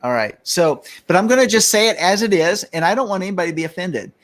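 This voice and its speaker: A man's voice: sits high, animated, quick pace, fairly bright tone. An older man hosting a casual talk show, rambling in a jokey way and reading out one-liners. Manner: jokey, rambling, telling jokes. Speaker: show host.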